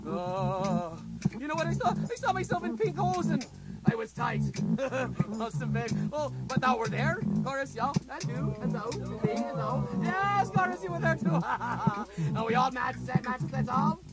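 A gravelly performer croons and declaims a comic tale in a mock sea-shanty style, hailing the listeners as lads and mates. The pitch leaps and plunges wildly from line to line, and loud music plays beneath the voice. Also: huge pitch swings, measured pace, low-quality recording. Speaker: singer and storyteller. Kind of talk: theatrical sung and spoken comic storytelling.

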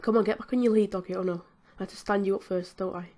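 Her mid-range voice is dark and fairly even in intonation, and she talks very fast. She's a British woman running a gaming channel, giving casual, giggly commentary and chatting to the game's characters as she plays.

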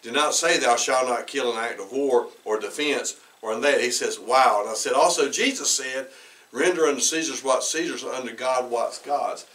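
A pastor preaching in a church, telling a story in a loose conversational way with frequent restarts and throat-clearing. His voice is bright and carries forward. It is heard from a distance, away from the mic. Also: medium pitch, normal speed. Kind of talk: sermon with personal storytelling. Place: church sanctuary.

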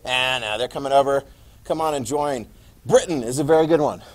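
A man teaching a history class, lecturing lively and quizzing his students as he goes. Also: medium pitch, a little fast, low-quality recording. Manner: lively, quizzing students and repeating key words.

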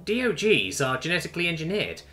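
Man doing a taloned male alien crewman, matter-of-fact, raised bright tone, faint music under it. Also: a little high, very animated, fast talker, voice pushed up.

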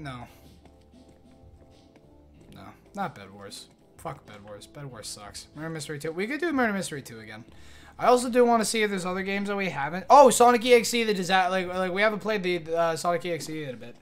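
A man's voice: on the high side, animated, brisk, faint music behind. A young man streaming games, chatting casually with his viewers in a rambling, profane, joking way. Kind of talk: casual livestream chat while gaming.

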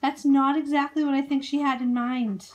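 A woman's voice: high-pitched, level tone, normal speed. A woman hosting a casual home vlog, chatting to viewers and her dogs in the kitchen. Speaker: vlog host. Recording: noisy home recording.

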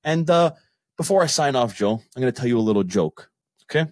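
A man's voice: mid-range voice, animated, a little fast, a little mellow, dry recording. A man co-hosting a casual sports podcast, joking around and laughing often. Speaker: podcast co-host. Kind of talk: casual chat.

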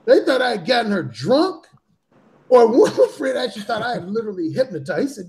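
A man's voice: very high-pitched, sing-song, brisk, darkish tone. A man telling a story as a podcast guest, speaking bluntly and profanely with heavy emphasis. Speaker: podcast guest, dating author. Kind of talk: casual storytelling in a talk show.

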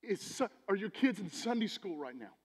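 A man preaching a sermon as pastor, animated, swinging between loud emphasis and quiet asides. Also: high-pitched, normal speed, breathy edge. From Texas. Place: church sanctuary. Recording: church hall with long reverb.

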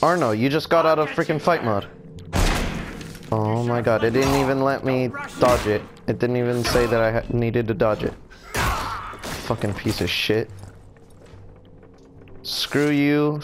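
A young man commentates his gameplay in a mid-pitched voice, cursing and complaining as things go wrong. A faint hiss of noise runs under his voice. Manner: frustrated, swearing, exclaiming at the game. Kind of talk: let's play commentary.

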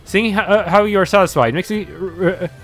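A hurt young man opens up about his painful past, read aloud by a man. The voice sits high and halting, full of pauses and fillers. Soft game music plays faintly behind him. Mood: wistful. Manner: halting reading with many fillers. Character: troubled young man abandoned by parents. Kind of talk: reading game dialogue aloud.

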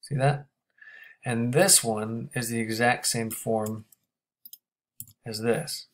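A man teaching a grammar lesson, explaining step by step and checking in with quick questions. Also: mid-range voice, fairly even intonation.

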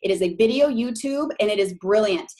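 A woman's voice: mid-range voice, lively intonation, a little fast, a little mellow. A woman in her forties from Minneapolis with a Minnesota accent and long O's, giving a frank, chatty presentation to an audience of real estate agents and often checking in with "right?". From Minneapolis, Minnesota, USA.

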